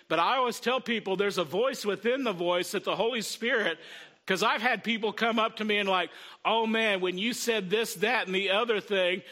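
A middle-aged pastor preaching a sermon in a conversational way, often calling out "Amen?" to the congregation. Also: male voice, sits high, pushed and bright. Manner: conversational preaching with frequent "Amen?" call-outs.

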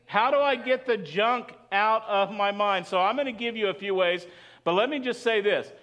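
A man's voice: high-pitched, normal speed, a bit bright. A man preaching a sermon as pastor, chatty and asking the congregation questions. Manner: conversational, asks the congregation questions.

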